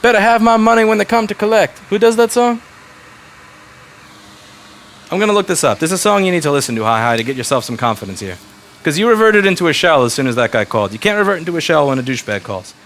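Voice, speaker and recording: A man's voice: fairly high pitch, big pitch swings, fast talker, long pauses, fairly bright tone. A man running a repair shop, giving blunt, profane instructions to his staff in casual workplace talk.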